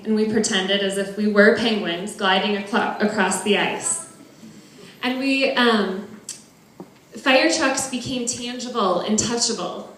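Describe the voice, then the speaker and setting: A young woman from northern Wisconsin, a parent, reads a prepared benefit speech at a podium mic in a large banquet hall. Her voice is bright and medium-pitched, and her manner is earnest, measured, and heartfelt. The recording has heavy, very echoey hall reverb.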